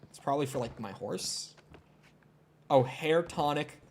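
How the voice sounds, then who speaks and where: Young minnesota guy streaming a game, kinda high voice, rambly, lots of "like" and swearing. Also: lively intonation, measured pace. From Minnesota, United States. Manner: rambling, swears often, filler-heavy. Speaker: gaming streamer. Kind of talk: casual gameplay commentary.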